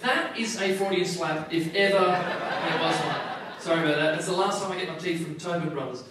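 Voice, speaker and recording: A man performing a stand-up comedy routine as MC at a corporate gala dinner, telling a story with animated, self-deprecating asides. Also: a little high, brisk, a crowd in the background. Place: large function room at a gala dinner. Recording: echoey hall, distant mic, audience laughter.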